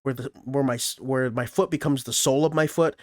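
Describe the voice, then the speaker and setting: A man, a camp director co-hosting a podcast, telling a story in casual chat with animated, expressive delivery and frequent swearing. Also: medium pitch, a little fast, no echo.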